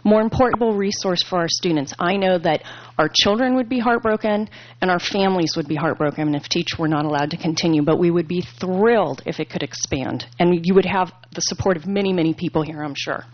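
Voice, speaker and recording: A woman reading a prepared statement at a school board meeting in an earnest, measured, persuasive way. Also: lowish voice. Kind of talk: prepared public comment read aloud. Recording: dry, dull lo-fi meeting recording.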